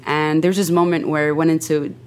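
Young woman guest, slightly low voice, animated and heartfelt, casual faith talk. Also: fast talker, smooth. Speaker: podcast guest. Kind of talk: faith-filled casual chat.

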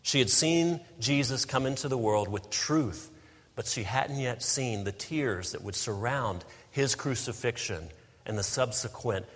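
A male preacher delivering a sermon in a slightly husky voice, his words ringing out with a long reverb, as in a large church hall. He swings between quiet, slowed pauses and loud, emphatic peaks. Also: fairly low pitch. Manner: preaching with rising emphatic bursts and slow weighty pauses.

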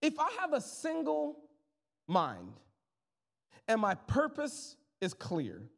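A man in his thirties, a pastor preaching a sermon in a lively, conversational way with jokes and asides to the congregation. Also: extremely high pitch, slow pace, vocal fry, big-room sound.

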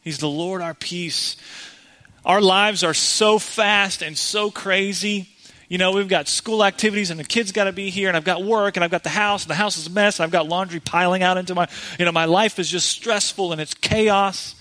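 A man's voice: sits high, fairly even intonation, moderate pace, sharp tone. A man preaching a sermon in a church, speaking earnestly and directly to the congregation. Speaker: pastor.

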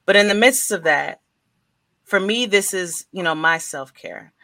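A woman's voice: medium pitch, expressive, measured pace, sharp tone, no room sound. A woman asking an earnest, reflective question in a faith conversation.

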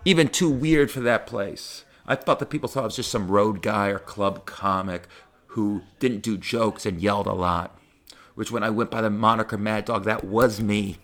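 A middle-aged man, a stand-up comedian, telling personal stories in a profane, heartfelt, animated way. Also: fairly low pitch, normal speed. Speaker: stand-up comedian, podcast host. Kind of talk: personal storytelling monologue.

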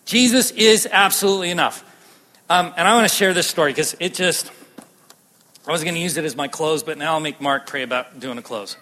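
A man with a high voice preaches a sermon in a large church hall. He is out of breath and animated, jumping from loud bursts to hushed lines. His voice trails off in a long, ringing reverb. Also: a little fast, slight background noise. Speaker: pastor.

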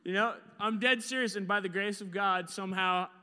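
A man preaching to a congregation, telling a personal story with lively, acted-out shouts and quiet asides. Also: sits high, brisk, clean tone, long reverb tail. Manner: animated storyteller, acts out his own panicked shouts. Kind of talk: storytelling sermon.

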